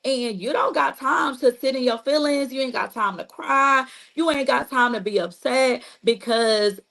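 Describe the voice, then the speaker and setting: A woman's voice: sits high, moderate pace, creaky, a bit bright, low-quality recording. Woman therapist talking casually to listeners. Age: adult with a child. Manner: casual, repetitive, conversational, heavy on "you know" and "like"; speaks directly to listeners as "you". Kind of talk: teaching talk on trauma healing.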